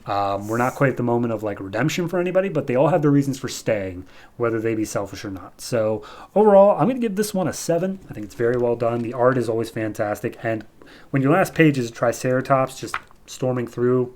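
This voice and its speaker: A man hosting a comics podcast, recapping an issue in a casual, animated way and briefly acting out the characters' lines. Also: medium pitch. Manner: animated retelling, acts out characters' lines in quick voices. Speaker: podcast host reviewing comics.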